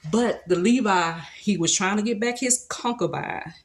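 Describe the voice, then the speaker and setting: A woman's voice: medium pitch, normal speed. Woman retelling a Bible story casually. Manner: conversational and colloquial, retelling with voices. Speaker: speaker sharing a devotional.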